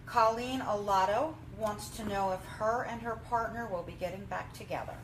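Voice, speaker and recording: A woman's voice: mid-range voice, moderate pace, a little hiss or hum, rough recording. A woman co-hosting who reads out viewer questions in a plain, matter-of-fact way. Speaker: co-host reading viewer questions. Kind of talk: reading questions aloud.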